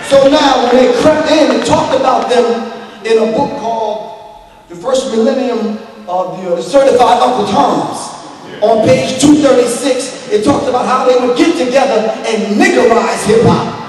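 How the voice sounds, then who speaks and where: A man's voice: very high voice, a little mellow. A middle-aged man giving a fiery, preacher-like lecture, speaking straight to the crowd. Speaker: speaker addressing an audience. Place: large hall with an audience. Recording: echoey hall, voice picked up from far off.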